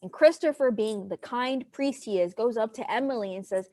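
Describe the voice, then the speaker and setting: A woman's voice: fairly high pitch, moderate pace, hardly any pauses, mellow, dry recording, clean studio sound. A woman history teacher giving an online class lecture over a video call, chatty and playful with her students.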